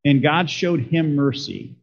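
A man preaches to his congregation in a husky, slightly breathy voice. He keeps it conversational and keeps asking the room questions. The recording is a bit dull and lo-fi. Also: on the high side, slow. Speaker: pastor. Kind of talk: sermon.

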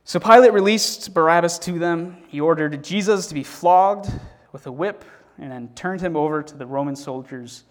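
A man reads a scripture passage expressively, then teaches from it casually and unscripted, with frequent fillers and restarts. His voice sits a little high.

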